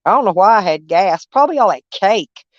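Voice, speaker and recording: A woman's voice: mid-range voice, expressive, brisk, no echo. An older woman with a drawl rambles through a casual live chat, folksy and blunt, swearing freely. She speaks from her camper over dull, lo-fi stream audio with a close, dry sound.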